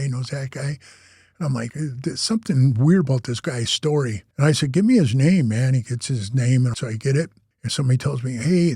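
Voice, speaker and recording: A man's voice: medium pitch, a little mellow, slightly rough, no room sound, clean studio sound. An older man from Wisconsin, a former biker club president, telling long rambling stories in a casual, slangy way. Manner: rambling, slangy, says "bro" and "man" a lot. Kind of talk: casual storytelling.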